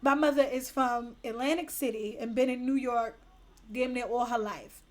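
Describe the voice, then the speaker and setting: A woman's voice: on the high side, steady tone, moderate pace. A woman hosting a casual livestream, reading viewer comments aloud in a brash, profane and teasing way. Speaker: livestream host.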